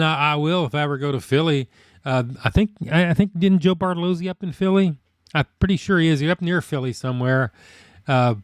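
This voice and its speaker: A man's voice: medium pitch, dry recording, clean studio sound. A middle-aged man, hosting a casual food live stream, chatting in a rambling, folksy way and reading out viewer comments. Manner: rambling, folksy, complains about fast food.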